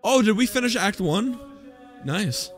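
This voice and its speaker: A man's voice: high voice, lively intonation, unhurried. A man casually commenting as he plays a horror video game, joking, swearing and reading lines aloud. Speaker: gaming streamer. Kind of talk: casual let's play commentary.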